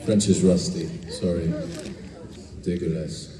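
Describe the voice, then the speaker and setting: A man, an actor, answering fans at a convention panel in a relaxed, joking, self-deprecating way. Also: low-pitched, slow pace. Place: large convention hall. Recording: echoey hall, distant mic, noisy crowd.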